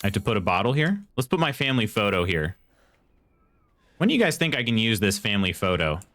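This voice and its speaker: A man's voice: fairly low pitch, sing-song, fast, fairly bright tone. Chatty male game streamer. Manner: chatty, reads chat aloud and muses while playing; reads in-game text aloud. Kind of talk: casual live gameplay commentary.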